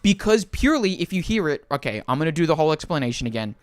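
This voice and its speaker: A young Filipino man with an Australian accent carrying a Filipino lilt chats casually on a livestream, rambling through questions from chat. His voice is fairly high and very animated, delivered rapid-fire with no echo.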